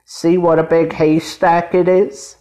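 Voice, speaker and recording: A man voicing a calm, responsible older boy who looks after his siblings. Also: a little high, slow. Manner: calm, reassuring.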